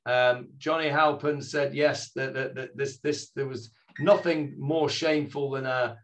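A man's voice: mid-range voice, steady tone, unhurried. A man leading an online Sunday morning scripture class over a video call, talking in a friendly, hesitant way with many fillers and restarts. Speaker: Bible teacher leading a class.

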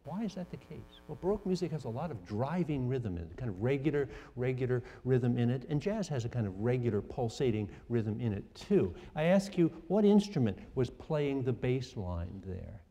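A man's voice: mid-range voice, very animated, moderate pace, few pauses, warm tone. A man giving a university music lecture, talking conversationally, questioning students and often restarting sentences. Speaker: music professor. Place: lecture hall. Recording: reverberant lecture hall recording.

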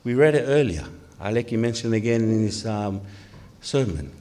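A man's voice: lowish voice, expressive, moderate pace, dark tone. A male pastor from Tonga preaching a sermon in a church, earnest, putting questions to the congregation.

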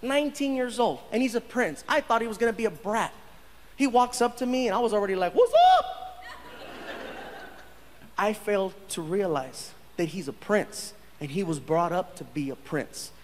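A high-pitched comedian in his thirties tells a story from a stage, animated and bursting into loud character voices. A long hall reverb trails his lines, with faint background noise. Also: fairly quick. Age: 30s. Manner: animated, jumps into loud impressions. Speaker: stand-up comedian. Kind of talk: stand-up storytelling.

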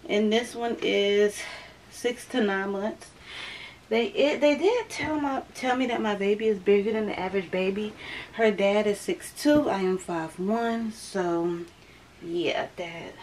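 Girl chatting slow at home, kinda breathless, says y'all a lot, mid-range voice. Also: medium pitch, a little mellow, slight background noise. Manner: chatty, keeps calling the viewers y'all. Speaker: vlogger. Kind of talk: casual vlog chat to viewers.

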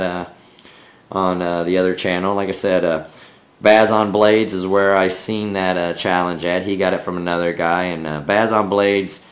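A deep-voiced man with a Minnesotan accent hosts a casual vlog. He talks in a folksy, rambling way, filling pauses with "uh" and "I mean". He grew up in the American South. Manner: rambling, folksy, lots of fillers. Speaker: knife review channel host.

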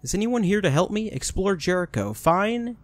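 A man's voice: high-pitched, very animated, moderate pace. A young man doing let's play commentary, joking and talking to the characters on screen. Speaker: gaming YouTuber.

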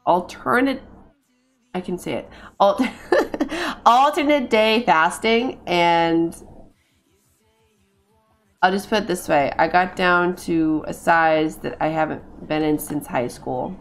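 A woman's voice: lowish voice, slow, soft background music. A woman in her thirties giving casual let's-play commentary, chatting to her game characters and to her viewers. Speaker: game streamer.

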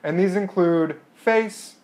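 Give me a man lecturing on vowels, clear and patient, a bit higher-pitched. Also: darkish tone. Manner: clear and explanatory, modeling vowel sounds slowly. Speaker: linguistics lecturer. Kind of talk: recorded lecture.

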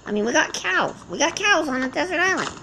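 Chatty woman, lively gravelly voice. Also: high voice, fast talker, background noise. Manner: rambling self-talk, chatting to animals. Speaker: game roleplayer. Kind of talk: in-character survival roleplay commentary.

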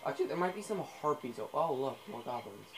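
A man's voice: mid-range voice, very animated, fast talker, loud music behind the voice. A young man giving casual, rambling commentary while playing a video game, full of fillers and asides. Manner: rambling, filler-heavy, easily sidetracked. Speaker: gamer. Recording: noisy home recording.

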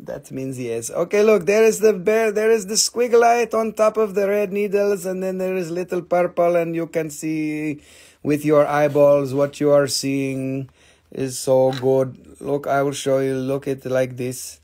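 A man's voice: fairly high pitch, level tone, measured pace, dark tone. A man selling minerals on a casual live stream, joking, swearing and rambling as he talks. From Appalachian Valley, United States.

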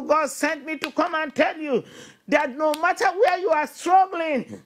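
A middle-aged woman preacher with a high voice delivers a fervent sermon. She stacks short, emphatic declarations one after another and climbs at times into shouting. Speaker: bishop and preacher. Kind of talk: exhortation sermon.

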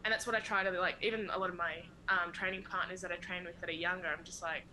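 A young Australian woman in a relaxed podcast interview, talking casually, swearing freely and laughing often. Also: on the low side, fast talker, a little hiss or hum, rough recording. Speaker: guest athlete.

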